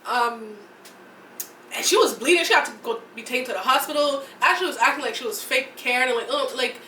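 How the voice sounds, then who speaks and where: A woman's voice: high voice, fairly quick, sharp tone, slight background noise. A woman co-hosting a podcast, chatting casually and gossipy about reality TV, rambling with restarts. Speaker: podcast co-host. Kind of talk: casual reality-TV review chat. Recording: roomy sound, mic at a distance.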